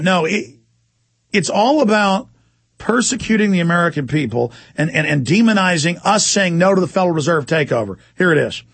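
Angry talk radio guy ranting, sarcastic, gravelly voice, dry close sound. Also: on the high side, fairly bright tone, dry recording. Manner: heated, rapid, sarcastic mocking asides. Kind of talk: angry political talk show rant.

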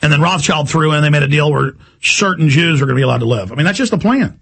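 A male talk radio host rattles through a heated, rambling monologue. His voice is gravelly and husky and sits somewhat high for a man. He talks fast and keeps pushing ahead. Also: expressive, fairly bright tone.

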